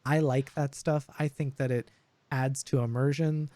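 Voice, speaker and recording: Rambling casual dungeon master, dry sound. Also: male voice, medium pitch, fairly even intonation, a little slow, mellow, dry recording. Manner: rambling, frequent fillers and restarts. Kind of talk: casual chat over voice call.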